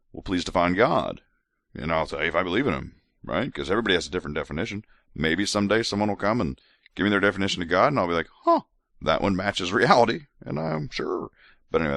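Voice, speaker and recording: A man's voice: lowish voice, vocal fry, no echo, studio quality. A tipsy man hosting a podcast, joking wryly through scripture commentary. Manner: joking, wry, animated asides. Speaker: podcast host.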